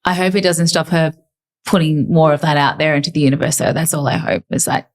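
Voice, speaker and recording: A woman's voice: low voice, brisk. A young woman guest on an interview podcast, speaking earnestly and thoughtfully, sometimes rambling as she works out a point. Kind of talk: casual interview chat.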